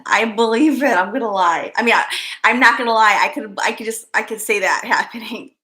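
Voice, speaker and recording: A woman hosting a casual live stream, chatting to viewers and reading their comments, giggling often and drifting into soft asides. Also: a little high, fairly quick.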